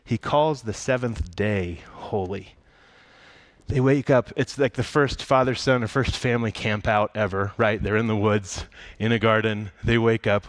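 A man's voice: lowish voice, a little slow, no room sound. Man preaching casually, dry sound. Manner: conversational, humorous storytelling. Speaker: pastor. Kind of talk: sermon.

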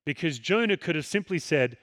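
A man's voice: on the high side, fairly quick, dry recording, clean studio sound. A man preaching a sermon in a conversational, storytelling way, acting out the people in the story. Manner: conversational, animated storytelling with acted quotes. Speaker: pastor.

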